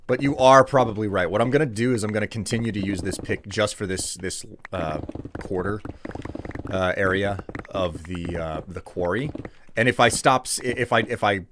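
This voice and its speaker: A man streaming himself gaming, chatting in a relaxed, rambling way that often corrects itself. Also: fairly low pitch, moderate pace, noisy background. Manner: rambling, self-correcting, chuckling. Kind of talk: laid-back live-stream chat while gaming.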